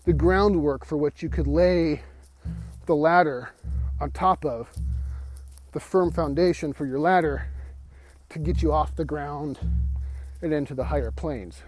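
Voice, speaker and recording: Unhurried male teacher, slightly breathless outdoors, halting delivery, faint music bed. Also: fairly high pitch, darkish tone, no echo. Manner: halting, repeats and restarts words. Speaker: esoteric mystery school teacher. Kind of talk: rambling spoken lesson. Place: outdoors walking up a hill.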